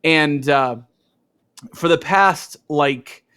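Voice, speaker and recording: A man's voice: a little high, drawn-out words, bright, forceful tone, clean tone. Sarcastic man co-hosting a podcast. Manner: joking, sarcastic. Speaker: podcast co-host. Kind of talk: casual chat and narration.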